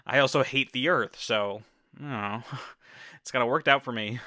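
A man doing an eager young assistant who never stops talking, bright and a little sharp in tone, rambling and self-deprecating. The sound is close and dry, with no room around it. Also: mid-range voice, moderate pace, dry recording, natural voice. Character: rambling young male assistant, aspiring improv comic. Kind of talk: improvised comedy scene.

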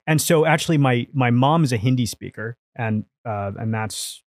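A man from India talks as a podcast guest in an animated, storytelling way. He restarts sentences and swears casually, at a middling pitch, recorded close and dry with no room sound. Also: normal speed, no room sound. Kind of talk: casual conversation.

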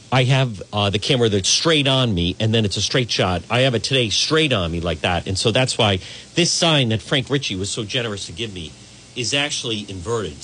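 Rambling talk radio host, lively pitch. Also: male voice. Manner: rambling, digressive, chatty. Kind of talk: live call-in talk show monologue.

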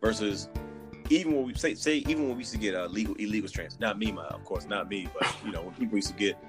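A man in casual podcast chat, animated and emphatic, often restarting his sentences. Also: lowish voice, fast, music in the background. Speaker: podcast guest.

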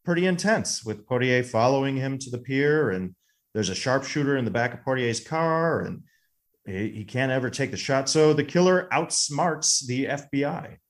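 A man's voice: medium pitch, animated, moderate pace. A man co-hosting a movie podcast, casually recapping a film's plot at length. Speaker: podcast co-host.

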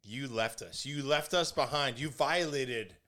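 A middle-aged man co-hosting a podcast, with a bright, forward voice. He tells stories with animated, teasing energy and pokes fun at himself as he goes. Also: mid-range voice, a little slow. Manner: animated storyteller, playful and self-mocking. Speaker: podcast co-host. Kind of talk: casual chat.

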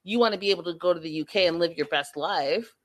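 A woman's voice: fairly low pitch, quick pace, no room sound. A woman commenting on a reality show in a sassy, exasperated way, repeating herself for emphasis while reading viewer chat.

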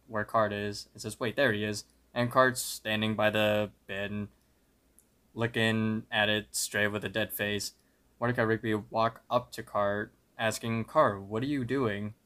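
Low-voiced man recapping a cartoon. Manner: relaxed storytelling, quoting lines with filler words. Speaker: podcast co-host. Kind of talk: casual episode recap.

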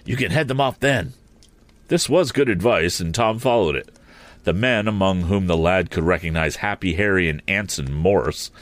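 A man narrating an old adventure novel aloud in a measured storytelling reading. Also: low-pitched, no echo. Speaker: audiobook narrator. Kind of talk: scripted narration.

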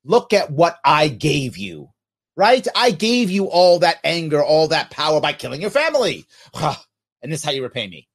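A man voicing a smug, cruel male warlord villain who speaks in a slow, low, gloating way. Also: big pitch swings, vocal fry, exaggerated voice.

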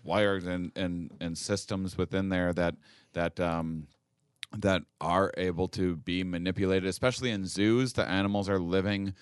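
A man's voice: sits low, steady tone, moderate pace, clear, resonant tone, dry recording, clean studio sound. A man hosting a podcast, chatting casually in a rambling way with many restarts. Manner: rambling, restarts often, laughs a lot. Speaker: podcast host. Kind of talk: casual chat.

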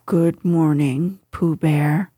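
A woman's voice: sits low, drawn-out words, dark tone, husky, dry recording, clean studio sound, pitched below the performer's own voice, heavily acted. A woman voicing a gloomy old gray male donkey in a storybook, talking in a mournful, self-pitying way.

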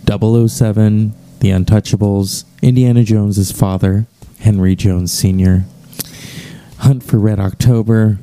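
A man hosts a solo podcast in a casual, rambling monologue, pausing and restarting as he goes. His voice is low and gravelly with a dark, mellow tone, and faint music plays underneath. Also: fairly even intonation. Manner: rambling and conversational, with hesitations. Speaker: podcast host.

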